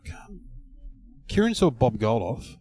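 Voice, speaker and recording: A man's voice: medium pitch, a little slow, faint music behind. An Australian man, a comedian, chatting casually in a car and acting out voices in his stories. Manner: animated storyteller, acts out quotes. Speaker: comedian co-host. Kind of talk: casual chat while driving.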